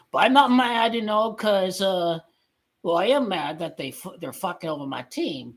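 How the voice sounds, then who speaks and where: A man's voice: high-pitched, slightly rough, poor audio. A man giving a casual football rant as a vlogger, blunt and profane, rambling with stumbling restarts.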